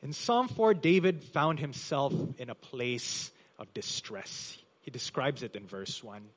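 A man pastor preaching a sermon in a church, with emphatic delivery that swells loud on key phrases and drops soft. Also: mid-range voice, expressive, slow pace. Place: church hall.

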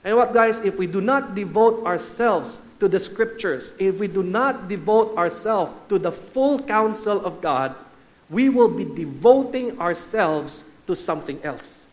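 A man's voice: sits high, lively intonation, measured pace. A man preaching a sermon, emphatic and repetitive, calling out to his listeners as church and guys. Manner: emphatic, repeats key phrases, addresses listeners as guys and church.

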